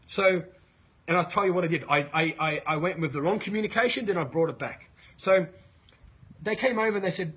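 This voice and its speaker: Aussie guy on a webinar mic, husky voice, swears a lot telling stories. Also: high voice, fairly quick, poor audio. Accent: Australian. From Australia. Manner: energetic, swearing, animated retelling. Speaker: leadership coach. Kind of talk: live webinar storytelling.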